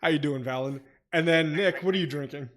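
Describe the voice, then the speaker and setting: A man's voice: a little high, a little fast. Joking young man co-hosting a podcast. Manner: joking, mock-solemn and laughing often; reads synopsis in a quieter, steadier voice. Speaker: podcast co-host. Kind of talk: casual chat podcast.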